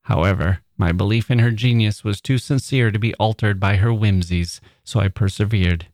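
A man who hosts a podcast, reading a classic short story aloud in a measured way. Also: lowish voice, a little mellow, no echo, clean studio sound.

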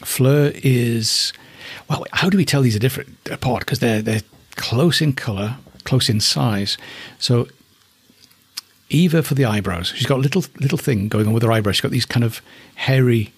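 Husky-voiced man from northeast England. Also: medium pitch, normal speed, dry recording. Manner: chatty and affectionate, thinking aloud. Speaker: alpaca keeper. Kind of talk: casual spoken commentary.

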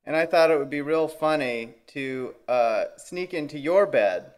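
A man's voice: a little high, animated, measured pace. A man chatting casually with his sister, hesitant and self-deprecating, often repeating his words as he restarts. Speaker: older brother, guest. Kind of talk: casual chat.

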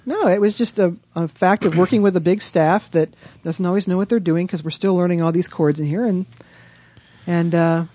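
A woman's voice: lowish voice, moderate pace, warm tone, no room sound. A woman co-hosting a podcast, chatting in an agreeable, easygoing way. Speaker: podcast co-host. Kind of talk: casual chat.

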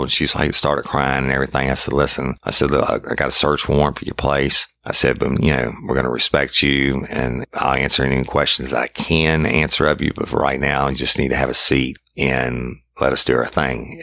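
A man's voice: very deep voice, creaky, a bit bright, dry recording. A middle-aged man telling a blunt, profane police story in a casual way. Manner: profane, blunt, acts out his own confrontations.

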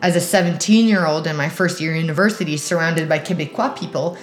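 A woman from Alberta, Canada, a podcast guest in casual conversation, telling animated stories full of fillers. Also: low-pitched, fast talker, roomy sound, faint music behind. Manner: animated storyteller, acts out quoted voices, many fillers.

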